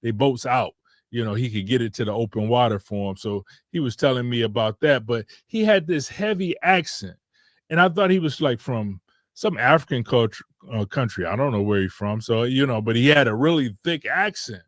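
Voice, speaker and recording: Recorded in a clean studio with no room sound, a man from Detroit hosts his podcast and spins a loose, meandering road trip tale. His medium-pitched delivery is animated and moves at normal speed, and he keeps stopping to correct himself in his relaxed storytelling.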